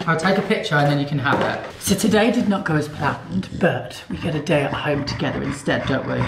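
A man's voice: on the high side, brisk, creaky, few pauses, echoey room, background noise. A man chatting casually in a home vlog, cooing at his dog now and then. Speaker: vlogger. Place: at home indoors.

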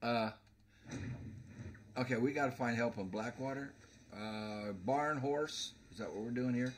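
A let's play host comments on a video game as he plays, laughing a lot and stumbling over filler words. His voice is medium-pitched and unhurried, with a little background noise.

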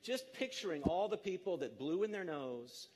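Energetic man in his fifties giving a talk. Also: high-pitched, moderate pace. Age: 50s. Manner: energetic, emphatic, engages the audience. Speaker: conference speaker. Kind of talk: live public talk.

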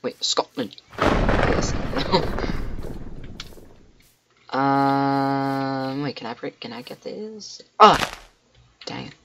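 Excitable man narrating his gameplay. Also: medium pitch, drawn-out words, long pauses, a little hiss or hum. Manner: excitable, talks to himself with frequent exclamations. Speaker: gamer. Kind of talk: let's play commentary.

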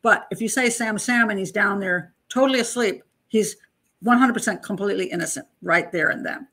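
A woman's voice: medium pitch, brisk, a bit bright, husky. An older woman hosting a casual true-crime commentary, talking emphatically and with open disbelief as she picks apart testimony. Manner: emphatic, incredulous, mocks testimony with acted-out voices. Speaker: criminal profiler and channel host.

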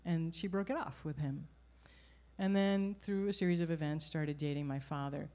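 A middle-aged woman telling a personal story live at a venue, animated and wry. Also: deep voice, moderate pace. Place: performance venue.

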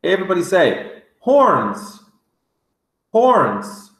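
A man teaching English words to young children, drilling each word slowly with excited gasps. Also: sits high, echoey room. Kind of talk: vocabulary lesson for kids.

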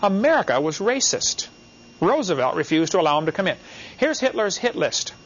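Emphatic high-voiced male lecturer. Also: very animated, brisk, husky. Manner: emphatic, asks the class questions; talks in short repeated phrases. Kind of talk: classroom lecture. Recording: dull, lo-fi class recording.

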